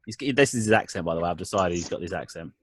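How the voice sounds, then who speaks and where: A man's voice: low voice, racing. A man narrating as game master of a tabletop game, in a rambling way full of ums and restarts.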